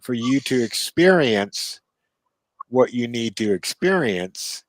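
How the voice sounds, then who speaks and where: A man co-hosts a relaxed podcast conversation, spinning unhurried stories full of asides and little chuckles. His voice sits in a middle register, and the sound is close and dry with no room echo. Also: medium pitch. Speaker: co-host. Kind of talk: casual podcast chat.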